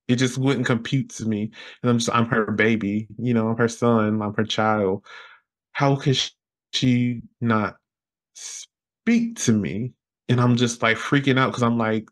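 Animated young man telling his story. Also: mid-range voice, normal speed. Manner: animated, laughing, acting out his own past lines. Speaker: podcast guest. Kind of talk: personal storytelling.

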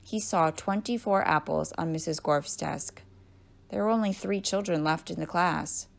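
Librarian storyteller, woman, lower pitch, creaky read-aloud delivery. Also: normal speed. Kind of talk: children's story reading.

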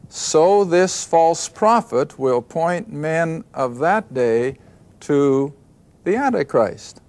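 A man's voice: fairly high pitch, darkish tone. A man teaching a Bible study, reading verses aloud and explaining them, often asking questions and answering them himself. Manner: reads scripture aloud then explains.

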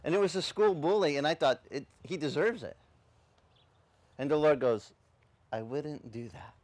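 A male pastor telling a personal story in a sermon, acting out the voices in it. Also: normal speed. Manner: animated storyteller, acting out voices with big pitch swings. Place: beach service outdoors.

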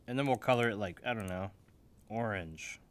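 A man's voice: lowish voice, normal speed, a little hiss or hum. Self-mocking man producing a beat. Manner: joking, self-mocking, swings between loud and mumbled. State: still waking up. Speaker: music producer. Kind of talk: casual talk while making a beat. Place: home office.

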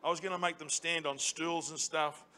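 A man preaching a sermon as pastor in a church, passionate and building to loud emphatic repetition. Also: a little high, steady tone, moderate pace. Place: church auditorium.

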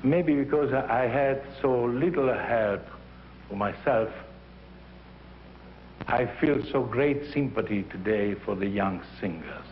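An older man with an Italian accent coaches young singers, his speech animated as he acts out little scenes and voices. The recording is dull and lo-fi, with a faint hiss behind him. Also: mid-range voice, takes it slowly. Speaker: opera teacher leading a masterclass. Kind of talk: teaching and storytelling.

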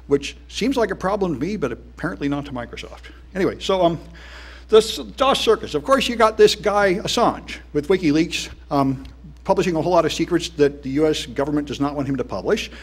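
Speaking in a conference hall, a man gives his talk in a fairly high, breathy-edged voice that is brisk and animated. His tone is wry, dismissive and conversational, peppered with plenty of "um"s and "anyway"s.

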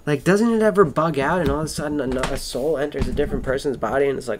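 A man's voice: a little high, fast talker, hardly any pauses, slight background noise. A man rambling through a casual monologue, swearing constantly, wandering between thoughts and trailing off mid-sentence. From Florida.

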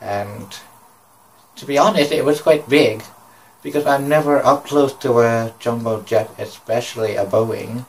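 Casual male vlogger, unhurried and halting, recorded a bit off-mic. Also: mid-range voice, recorded from a distance, low-quality recording. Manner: hesitant, with many fillers and pauses. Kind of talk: casual travel vlog narration.

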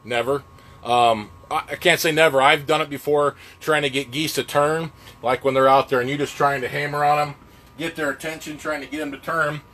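A man's voice: fairly high pitch, steady tone, a little fast, a bit bright. A man giving a casual lesson on goose calling, plainspoken and folksy, with plenty of filler words. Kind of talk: casual instructional talk.

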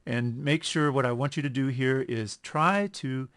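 A man teaching a music lesson over a screen recording, explaining at an unhurried pace, correcting himself and counting beats aloud. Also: mid-range voice, fairly bright tone. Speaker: music instructor.

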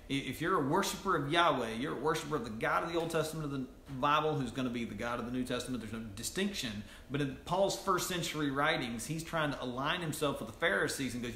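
A fairly high-voiced man delivers a sermon in a relaxed, conversational style, often breaking off to speak straight to his listeners. His voice rings in a roomy church, with a faint hum underneath. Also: vocal fry. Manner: casual preaching with frequent asides. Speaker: pastor. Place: church sanctuary.

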